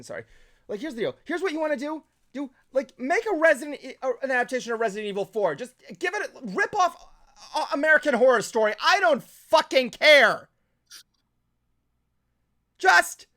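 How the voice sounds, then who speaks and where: Fired-up talk show host: rants and swears in casual chat, bright and animated. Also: mid-range voice. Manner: ranting, swears, gets worked up and loud.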